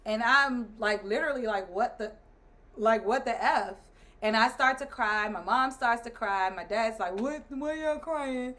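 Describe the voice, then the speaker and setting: A woman in her thirties, the host's wife and a guest, tells a story casually at a measured pace in a fairly high voice. Laughing and lively, she acts out the lines of other people.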